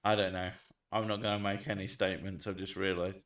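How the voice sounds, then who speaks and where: A man's voice: low-pitched, level tone, fairly quick, a bit bright, far from the mic. A man streaming and chatting casually, joking, swearing and reading chat messages aloud.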